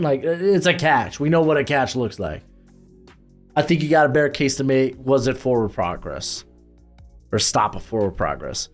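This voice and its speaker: A man's voice: medium pitch, lively intonation, moderate pace, faint music behind. A man giving casual football commentary as host, loose and rambling with lots of fillers and restarts.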